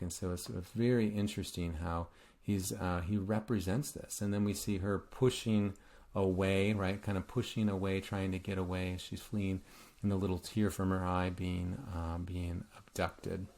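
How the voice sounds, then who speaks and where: A man teaching art history in a relaxed lecture, retelling a myth conversationally with many filler words. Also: low-pitched. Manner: conversational, frequent "uh" fillers and restarts; retells myths casually with a light humorous touch. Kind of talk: informal recorded lecture.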